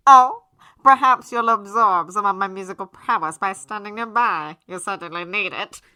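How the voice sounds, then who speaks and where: A woman voicing a sardonic, theatrical male demon in a fan-made audio story, speaking loudly in a posh, mocking manner. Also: mid-range voice, moderate pace, smooth, dry recording.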